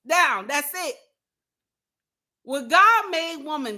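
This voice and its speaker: A woman livestream host speaks bluntly and preachily, addressing her viewers and chat directly and repeating points for emphasis in a casual stream. Her high, animated voice has a sharp tone and a slightly slow pace.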